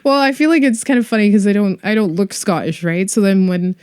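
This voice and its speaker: A woman's voice: medium pitch, animated, a little fast, a little mellow, smooth, dry recording. A woman actress chats easily in an interview, with plenty of fillers and light laughs. Her voice sits mid-range and sounds close and dry. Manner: chatty, laughing often, many fillers. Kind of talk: casual interview chat.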